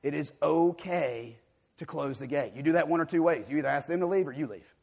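A man, preaching a sermon. He swings from loud, emphatic calls to quiet, low passages. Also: a little fast, vocal fry.

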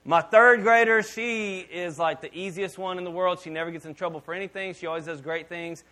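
A man's voice: sits high, steady tone, fairly quick, sharp tone. A man in his thirties giving a sermon as a pastor, talking casually and turning to the congregation with asides. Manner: casual, conversational preaching with asides to the audience. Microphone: podcast mic.

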